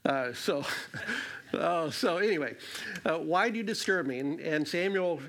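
A man's voice: fairly high pitch, lively intonation, a little slow, fairly bright tone. A man teaching through a Bible passage verse by verse, reading it aloud and explaining it in a conversational way with many fillers and restarts.

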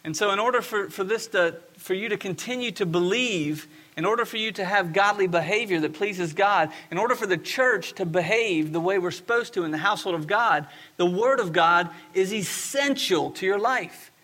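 A male pastor preaching a sermon in an earnest, emphatic manner, often slowing down to stress key points. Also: high-pitched, pushed and bright.

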